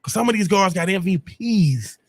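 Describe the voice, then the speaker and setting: A man co-hosting a sports podcast argues casually about players and movie speeches. He has a high voice with lively intonation at normal speed, rambling, restarting sentences often and using Southern-tinged slang.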